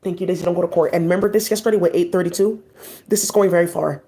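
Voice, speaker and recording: A woman's voice: on the low side, steady tone, rapid-fire, mellow. A woman talking straight to her viewers in a rambling monologue, agitated and swearing often.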